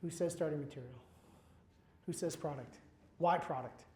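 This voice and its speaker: A man's voice: a little high, normal speed, a little mellow, a little hiss or hum. A man giving a university chemistry lecture, quizzing his students with questions and dropping wry asides. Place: lecture hall. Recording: roomy lecture hall echo.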